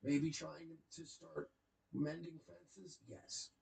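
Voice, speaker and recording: A man hosting a stream, talking in a sarcastic, animated way about someone he mocks. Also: on the high side, slow pace, vocal fry, low-quality recording. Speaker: stream host. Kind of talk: mocking casual commentary.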